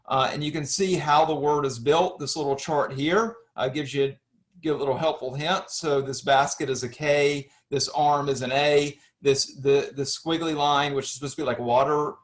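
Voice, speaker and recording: Man lecturing, explaining slides. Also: mid-range voice. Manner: explanatory, asks and answers his own questions, many restarts. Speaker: history lecturer.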